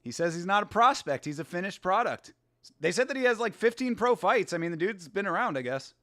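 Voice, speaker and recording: Excitable high-voiced male host. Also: brisk. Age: 30s. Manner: excitable, laughs often, slangy. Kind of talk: casual watch-along commentary.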